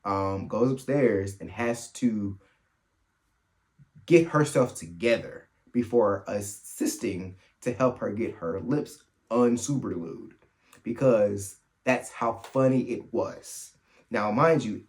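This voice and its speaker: A man hosting a solo podcast, telling funny family stories in a casual, animated way and laughing as he goes. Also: lowish voice. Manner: animated, laughs through his stories, quick asides. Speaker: podcast host. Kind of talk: solo storytelling chat.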